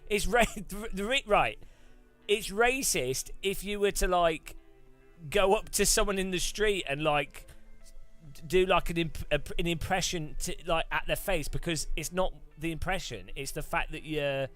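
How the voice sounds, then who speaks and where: A man's voice: high-pitched, unhurried, fairly bright tone, soft background music. A British man hosting a gaming channel, chatting casually to his viewers, joking and laughing as he rambles. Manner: jokey and laughing, mocks foreign languages. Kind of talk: casual chat to a live chat.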